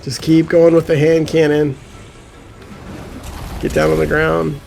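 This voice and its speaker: A man giving casual gameplay commentary, excitable, often laughing and swearing when he gets frustrated. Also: a little high, a little slow, gravelly, slight background noise. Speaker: gaming commentator.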